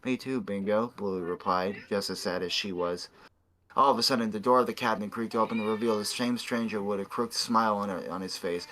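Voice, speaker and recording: A man's voice: lowish voice, brisk, fairly bright tone, slight background noise, low-quality recording. A young man hosting, reading a fan fiction aloud with stumbling, swearing asides. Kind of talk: casual reading with commentary.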